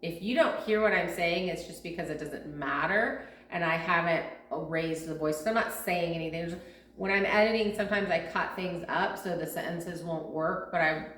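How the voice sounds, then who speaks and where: A woman's voice: on the low side, a bit bright. A woman co-hosting a farm vlog Q&A, chatting casually and explaining things at length with lots of fillers. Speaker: farm vlog co-host and video editor. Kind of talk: casual Q&A chat. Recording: roomy echo.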